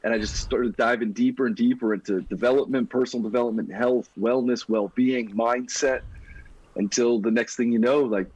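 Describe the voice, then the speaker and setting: Husky-voiced man telling his story. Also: medium pitch, normal speed, poor audio. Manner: energetic, talks like a buddy, says "dude". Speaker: podcast guest. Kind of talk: casual storytelling.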